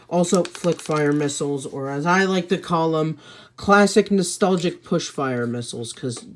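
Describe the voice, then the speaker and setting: A woman's voice: low-pitched, slight background noise. A woman giving a casual, rambling toy set review, hesitant with many fillers and restarts, tossing in offhand self-mocking asides.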